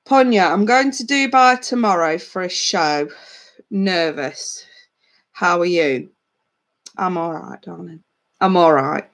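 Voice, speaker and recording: A woman's voice: fairly low pitch, takes it slowly, pauses often. Chatty woman reader answering live chat. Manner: chatty, reads out viewer comments and answers them, calls people darling. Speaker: psychic reader hosting a livestream. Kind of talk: casual live-stream chat with viewers.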